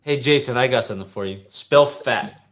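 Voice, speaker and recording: A man's voice: medium pitch, normal speed, a bit bright. A man hosting a casual livestream chat, joking and teasing his co-hosts over a video call. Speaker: podcast host.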